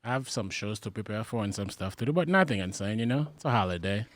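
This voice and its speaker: A man's voice: lowish voice, lively intonation, fast, no room sound, studio quality. A man from Haiti, a comedian guest on a podcast, chatting in an easygoing, wry way. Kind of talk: casual chat.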